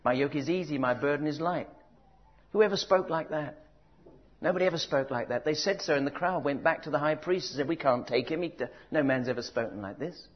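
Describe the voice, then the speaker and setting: A man preaching a sermon, swinging from loud emphatic declarations to soft, drawn-out words. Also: a little high. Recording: dull lo-fi sound.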